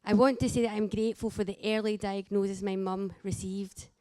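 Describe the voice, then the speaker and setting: A woman's voice: mid-range voice, level tone, brisk, dark tone, dry recording. Earnest woman giving a talk. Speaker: carer and daughter, speaker. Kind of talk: conference talk.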